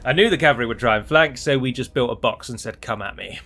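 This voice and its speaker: A man's voice: medium pitch, fast, fairly bright tone. An Englishman giving chatty, wry let's-play commentary on a strategy game, talking straight to his viewers. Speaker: gameplay commentator.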